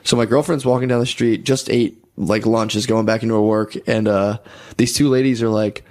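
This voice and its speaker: A man's voice: fairly low pitch, fairly quick. Young man telling a crude comedy anecdote. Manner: profane, animated anecdote teller. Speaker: podcast co-host. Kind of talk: casual comedy chat.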